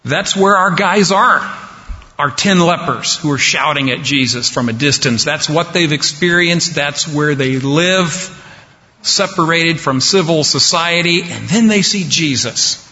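A man preaching a sermon slowly and deliberately, pausing for effect. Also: fairly high pitch, pushed and bright. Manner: slow, deliberate preaching with dramatic pauses. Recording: dull sound with long hall reverb.

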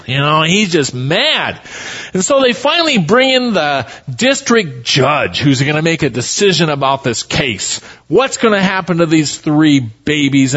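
A male pastor delivers his sermon like a folksy storyteller, in a fairly high voice. He speaks slowly, with a lively, swooping pitch. The recording has a dull, lo-fi sound.

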